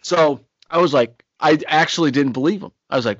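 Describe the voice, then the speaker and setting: A man's voice: a little high, a little fast, no echo, dull audio. A man in his forties, a podcast co-host telling a long, rambling personal story in casual chat. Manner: rambling anecdotal storyteller, acts out quotes.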